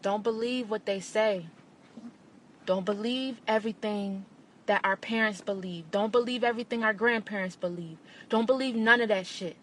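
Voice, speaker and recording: A woman's voice: mid-range voice, normal speed, fairly bright tone, slight background noise. A woman podcast host, giving an impassioned monologue and repeating lines for emphasis.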